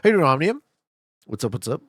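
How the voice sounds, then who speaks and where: A man's voice: medium pitch, quick pace, breathy edge, dry recording, clean studio sound. A man from Canada streaming a game live, chatting casually and profanely with his viewers and getting worked up over his guesses. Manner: profane, excitable, joking banter with chat. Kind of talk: casual live-stream commentary while playing.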